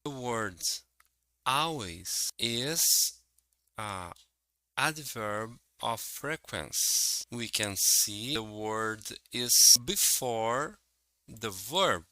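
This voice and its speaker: Male English teacher, very slow and careful, bright forceful tone, walks through examples. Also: lowish voice, expressive, dry recording, poor audio. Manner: slow, careful and explanatory, reading out example sentences. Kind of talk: slow, deliberate grammar lesson.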